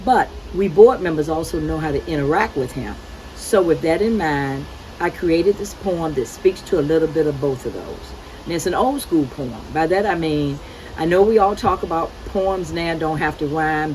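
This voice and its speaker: A woman's voice: deep voice, moderate pace, darkish tone, slight background noise, poor audio. A woman on a school board, reading aloud a playful rhyming tribute poem at a retirement celebration. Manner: playful, rhythmic recitation with cheerful teasing.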